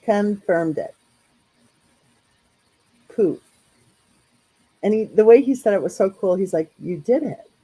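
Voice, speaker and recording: A woman chats casually with her viewers in a live stream. Her voice is mellow and slightly husky. She speaks slowly and rambles in a friendly way, full of little fillers. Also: medium pitch, low-quality recording. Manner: chatty, rambling, lots of "like" and "you know". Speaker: true crime channel host.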